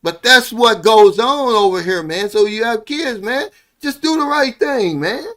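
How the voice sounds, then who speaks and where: A middle-aged man with a notably high voice talks straight to his viewers in a loose, wandering vlog monologue. He sounds earnest and heartfelt and tags "man" onto the ends of many phrases. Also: expressive, measured pace, a bit bright. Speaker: vlogger living abroad. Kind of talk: casual monologue.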